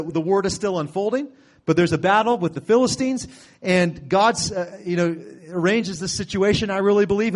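A man preaching a sermon, retelling a story in a conversational way with sudden loud bursts. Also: high voice.

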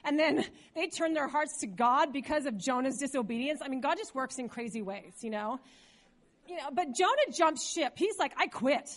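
A middle-aged woman pastor preaching a sermon in a church, dramatic and animated, acting out quoted voices. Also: high voice, normal speed.

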